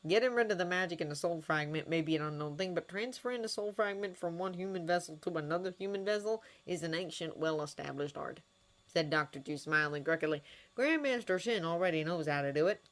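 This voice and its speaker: A woman's voice: lowish voice, brisk, close to an everyday voice. Lady reading as a wry kind doctor guy, earnest, bit of a tease, audiobook fanfic. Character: kind, wry adult male doctor and mentor.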